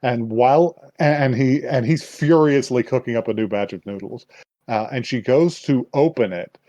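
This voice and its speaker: A man hosting a podcast, telling an anime story in casual chat, with lots of laughter and quick switches into voices. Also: mid-range voice, no echo. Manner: animated, laughing storyteller who acts out voices. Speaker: podcast host.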